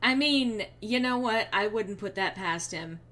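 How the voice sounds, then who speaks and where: A woman's voice: mid-range voice, animated, unhurried, sharp tone, faint music behind. Sardonic woman streamer chatting over gameplay. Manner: chatty and sardonic, laughing often. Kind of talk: casual gameplay commentary.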